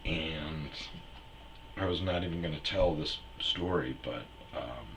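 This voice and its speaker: In this casual storytelling clip, a young man with a very deep, slightly bright voice takes his time spinning a rambling personal anecdote. He leans on crude humor and acts out the quotes, with a bit of hiss or hum in the background.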